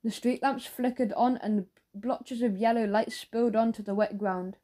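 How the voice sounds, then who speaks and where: A woman narrating a children's audiobook in a playful, expressive storytelling manner. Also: on the high side, normal speed.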